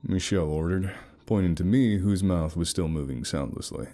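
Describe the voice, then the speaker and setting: Deep-voiced male horror story narrator. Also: normal speed, mellow. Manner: wry, sarcastic storytelling.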